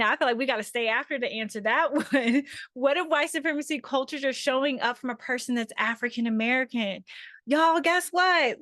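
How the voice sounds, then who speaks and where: A woman's voice: sits high, fairly bright tone, dry recording, clean studio sound. A woman facilitating an online workshop over a video call, talking conversationally and often checking in with her listeners.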